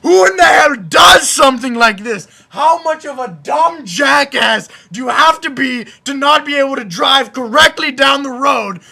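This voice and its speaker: A young man, a college student, giving an angry profane rant, shouting and exasperated. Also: very high-pitched, expressive, normal speed, creaky, hardly any pauses. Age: young adult. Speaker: ranting vlogger.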